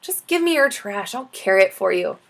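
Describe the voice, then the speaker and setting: A woman's voice: mid-range voice, big pitch swings, brisk, gravelly. A woman voicing a kind, no-nonsense young schoolgirl in a storybook reading. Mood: friendly.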